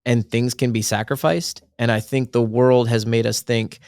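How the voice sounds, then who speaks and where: A man's voice: mid-range voice, level tone, moderate pace, a little mellow, no room sound, studio quality. A man co-hosting a faith podcast, talking earnestly in a rambling way and correcting himself as he goes. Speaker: podcast co-host. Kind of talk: casual faith podcast chat.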